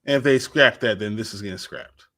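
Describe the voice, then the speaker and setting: A man's voice: on the low side, brisk, fairly bright tone. A man co-hosting a casual live chat show, rambling, with frequent laughs and repeated starts. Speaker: co-host.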